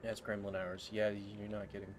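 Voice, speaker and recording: A drowsy, easygoing man talks through a game stream in a lowish voice, chuckling between remarks. Steady game ambience hums behind him. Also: fairly quick. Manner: laid-back, jokey, chuckles often. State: sleepy, yawning. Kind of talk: casual gaming stream chat. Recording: background game ambience noise.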